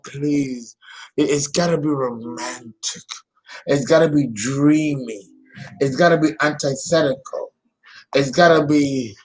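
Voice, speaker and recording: A man hosting an astrology channel, talking casually and theatrically, often exclaiming and laughing at himself. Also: a little high. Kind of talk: casual solo astrology talk.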